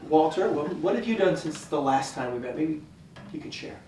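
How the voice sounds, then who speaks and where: Heard from a distance on an echoey stage with slight background noise, this man's voice is a little high, expressive, and dark-toned at a moderate pace, close to how he'd normally speak. Playing a group therapist in a stage comedy, he coaxes and praises small progress, soothing at first, then overly enthusiastic.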